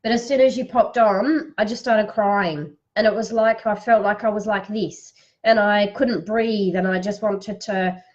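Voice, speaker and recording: A woman giving a psychic reading on a live stream, tearful, speaking in a slow, soothing way as she guides breathing. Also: mid-range voice, steady tone, a little mellow, muffled recording.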